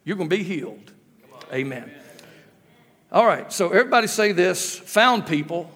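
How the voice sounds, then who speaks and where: High-voiced preacher in a reverberant church. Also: male voice, expressive, normal speed, a bit bright, husky. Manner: humorous storytelling, repeats phrases, rhetorical questions. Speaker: guest preacher. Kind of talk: sermon. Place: church sanctuary. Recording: echoey church hall with long reverb.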